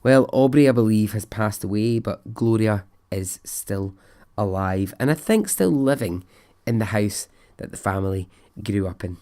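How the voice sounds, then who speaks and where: A man's voice: lowish voice, animated, moderate pace, warm tone. A man hosting a podcast, telling a story in a casual, rambling way and swearing freely. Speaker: podcast host.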